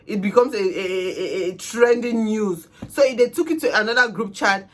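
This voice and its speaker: A young woman telling a casual storytime vlog, her voice swinging from soft murmurs to loud outbursts. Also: mid-range voice, normal speed. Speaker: vlogger.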